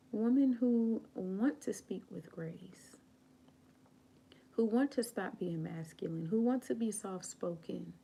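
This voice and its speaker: An American woman hosting a live stream, speaking slowly and earnestly about grace and communication, quoting scripture and sometimes dropping to a soft whisper. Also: lowish voice, creaky, husky. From United States. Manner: slow, earnest, preachy, quotes scripture. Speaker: channel host. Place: home, late at night.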